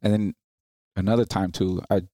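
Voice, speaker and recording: A man's voice: low voice, moderate pace, no echo, studio quality. A man in his thirties, a military veteran guest, telling stories in a casual interview and acting out the people he quotes. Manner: animated, acts out quoted people in raised voices. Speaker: podcast guest, Marine veteran.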